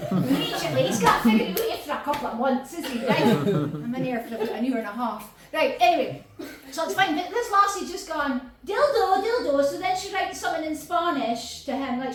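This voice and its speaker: A middle-aged woman with a Scottish accent telling a story in off-the-cuff stand-up, brash and full of swearing, acting out the other people. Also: sits high. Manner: swears a lot, broad and brash, acts out quotes. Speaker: stand-up comedian. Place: comedy club stage. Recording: roomy live venue, mic from a distance. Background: audience laughing.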